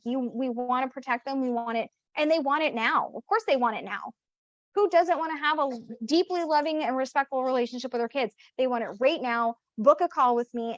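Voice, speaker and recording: A fairly high-voiced woman coaching on a podcast, blunt and emphatic and never shy of a swear word. Her voice sits dry and close, with no room around it. The recording is dull and lo-fi. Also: no room sound. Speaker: business coach. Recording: dull lo-fi audio.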